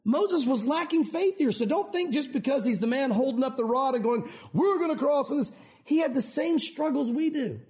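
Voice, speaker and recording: A man pastor delivers a lively sermon, his voice sitting high for a man. He acts out the people in the scripture as he preaches to his church. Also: normal speed. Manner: animated, acts out quotes from scripture.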